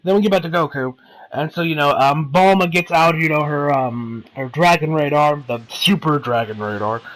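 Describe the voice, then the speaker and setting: A man's voice: a little high, fairly bright tone, poor audio. A man casually recapping an anime episode, rambling with many fillers and laughs, and briefly putting on the characters' voices. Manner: acts out character lines in quick impressions. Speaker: anime reviewer.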